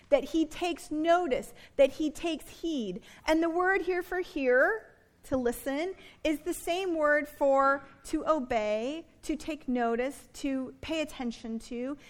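A woman preaching a sermon in a conversational, animated way, with playful asides to her listeners. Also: high-pitched.

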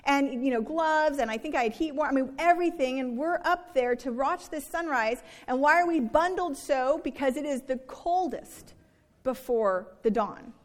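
A woman's voice: high voice, normal speed. A woman reading scripture and preaching a sermon in an earnest, conversational way. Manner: earnest, conversational, acts out quoted complaints. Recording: reverberant worship hall.

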